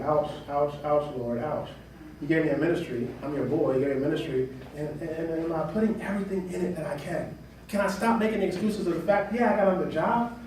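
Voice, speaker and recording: A male preacher with a style, preaching to his congregation. His voice sits very high and builds to shouts. It comes from some way off the mic, in a with heavy echo. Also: slight background noise. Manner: call-and-response preaching, rising to shouts. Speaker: pastor. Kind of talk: sermon. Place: church sanctuary. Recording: echoey room from far off.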